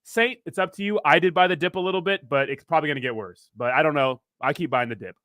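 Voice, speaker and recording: A man chats loosely on a livestream, rambling and joking as he answers viewer comments. His voice sits a little high for a man, and the sound is close and dry, with no room echo. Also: fast, bright, forceful tone. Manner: rambling, joking, reads chat aloud. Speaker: crypto livestream host. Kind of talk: casual livestream chat.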